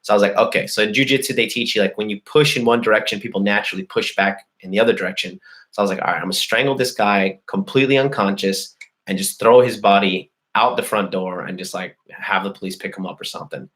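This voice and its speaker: A man's voice: lowish voice, fast, a bit bright. Profane, boastful man telling a story. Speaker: host. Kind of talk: casual storytelling to a live chat.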